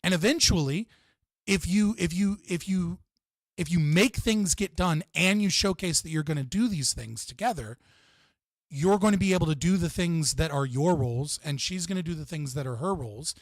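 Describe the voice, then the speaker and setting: A man's voice: a little high, moderate pace, dry recording. Blunt, swearing man with a dry sound. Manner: blunt, profane, rambling. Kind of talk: casual podcast talk.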